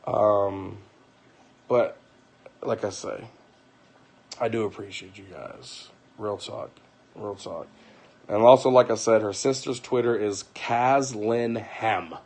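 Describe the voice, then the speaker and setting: A young man on a late-night personal livestream, retelling an argument in an animated way, repeating himself and swearing. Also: fairly low pitch, slow pace.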